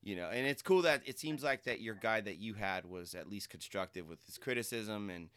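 Casual male host, slangy, low-pitched, bright and smooth timbre. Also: expressive, a little fast. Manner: laid-back, says "bro" and "dude", laughs often. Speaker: podcast host and fly fishing guide. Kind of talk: casual chat.

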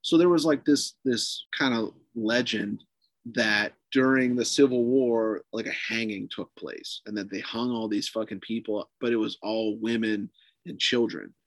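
A man's voice: lowish voice, measured pace, no echo. A man, a podcast guest, casually tells a long ghost story with lots of swearing and fillers. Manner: profane, animated, lots of fillers.

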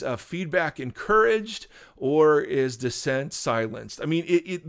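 A man co-hosting a talk show, explaining faith in an earnest, preachy way with frequent restarts. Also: a little high. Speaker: podcast co-host, pastor. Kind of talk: casual conversational teaching.

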